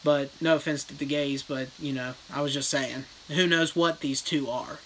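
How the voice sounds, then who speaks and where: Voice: medium pitch, normal speed, slight background noise, poor audio. A horror vlogger in a casual livestream rant, retelling a film bluntly with lots of swearing. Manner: blunt, profane, animated storytelling. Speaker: horror vlogger reading live chat.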